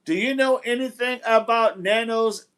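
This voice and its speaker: Guy with a high-ish voice hosting a livestream, rambly, keeps repeating himself, says hi to chat. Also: moderate pace, a bit bright, smooth. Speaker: livestream host. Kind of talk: casual live-stream talk, reading chat.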